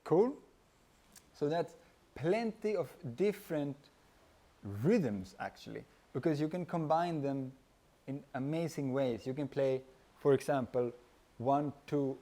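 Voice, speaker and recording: A man teaching hand drum in an unhurried, slow way, counting beats aloud and sounding out rhythms with syllables. His voice sits in an ordinary middle register. Loud drumming plays along under his words. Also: medium pitch, over loud music. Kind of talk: relaxed music lesson. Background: hand drum playing.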